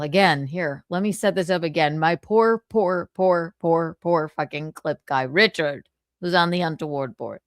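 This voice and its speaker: A woman's voice: low-pitched, measured pace, no echo, studio quality. A woman hosting a casual livestream, giggly and trying out voice impressions. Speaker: livestream host.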